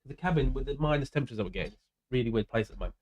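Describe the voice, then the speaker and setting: Medium in pitch with a darkish tone, his animated speech races along in a South London accent. Gaming live in a racing title, he chats casually, greets viewers by name, and slips into mumbled asides.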